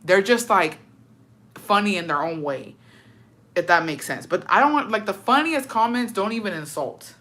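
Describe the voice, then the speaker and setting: A woman's voice: medium pitch, animated, normal speed, a bit bright. A woman host chatting casually and reading viewer stories aloud, slangy and swearing freely. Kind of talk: casual chat and story reading.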